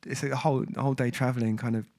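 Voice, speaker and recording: A man's voice: medium pitch, steady tone, rapid-fire, a little mellow, no echo, studio quality. A man hosting a music livestream, chatting casually and reading viewer comments. He rambles, breaks off and restarts as he tells a story. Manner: rambling, self-interrupting storyteller.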